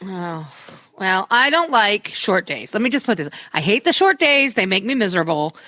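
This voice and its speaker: A woman co-hosting a talk show, chatting casually in a brash, animated way and swearing freely. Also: medium pitch, normal speed, no room sound. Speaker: radio show co-host.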